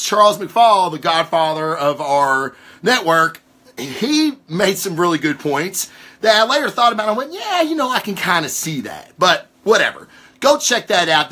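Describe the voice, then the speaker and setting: A man hosts a casual comic-book news podcast from his home recording spot, rambling, excitable and freely profane. His voice sits fairly high for a man, with a bright, forceful edge. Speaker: podcast host.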